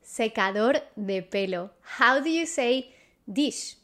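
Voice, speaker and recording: A woman leads a vocabulary lesson, saying each word more than once and pausing for the listener to answer. Her voice sits a little high, and she takes her time over every word. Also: lively intonation, fairly bright tone. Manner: repeats each word, quizzes the listener, patient and encouraging. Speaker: Spanish teacher. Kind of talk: slow, clear vocabulary lesson.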